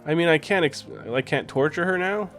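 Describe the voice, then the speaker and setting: A man's voice: on the high side, a little fast, fairly bright tone, faint music behind. A man streaming a game, commenting casually, swearing freely and reading on-screen text aloud.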